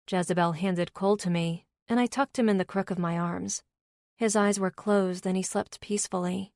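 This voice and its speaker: A woman narrating a romance audiobook in first person, steady and even, on a close studio mic. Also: medium pitch, moderate pace, dry recording.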